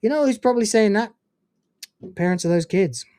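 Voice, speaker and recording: A man's voice: high voice, expressive, brisk, dark tone, a little hiss or hum. A man hosting a casual livestream, ranting in a profane, incredulous way and reading out donations. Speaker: livestream host.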